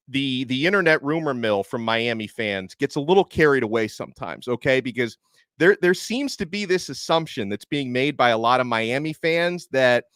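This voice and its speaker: A man's voice: medium pitch, fairly bright tone, smooth, dry recording, studio quality. A man hosting a sports talk show, chatty with many asides, answering viewer comments. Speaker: podcast host.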